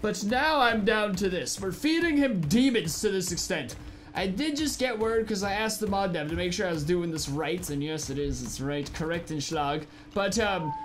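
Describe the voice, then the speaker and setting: A man giving excited gameplay commentary as a gaming video host, animated, with crude jokes and sudden yells. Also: high voice, a little hiss or hum. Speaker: gaming YouTuber.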